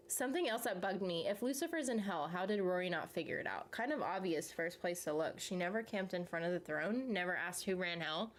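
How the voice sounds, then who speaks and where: A young woman hosting a show, chatting casually about TV series, animated, swearing freely and laughing often. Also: on the low side, normal speed. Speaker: show host reacting to viewer comments. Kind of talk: casual chat.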